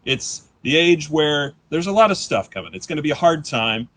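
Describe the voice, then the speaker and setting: A man in his thirties doing a live stand-up set, rambling and self-deprecating with deadpan asides. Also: a little high, normal speed. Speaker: stand-up comedian. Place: comedy stage before a live audience.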